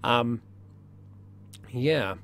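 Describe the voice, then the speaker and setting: A man of ordinary pitch hosts a relaxed livestream chat and answers viewers one after another. He sounds upbeat and talkative, laughs easily and trips over his words now and then. His voice sounds a little worn. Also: drawn-out words. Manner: chatty and upbeat, laughs often, stumbles and restarts. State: voice getting worn. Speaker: livestream host.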